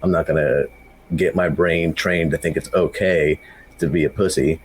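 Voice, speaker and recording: A man's voice: rumbling low, fairly even intonation, moderate pace, husky. A man co-hosting a podcast, speaking bluntly and emphatically in casual chat. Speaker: podcast co-host.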